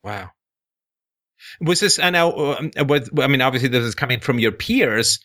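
A man's voice: mid-range voice, lively intonation, normal speed, sharp tone. A man with a British accent hosting a call-in show, asking probing questions with dry sarcasm.

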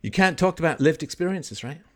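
Animated mocking male livestream host. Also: fairly high pitch, brisk. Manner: mocking, laughs often, acts out quoted voices. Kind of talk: casual livestream monologue.

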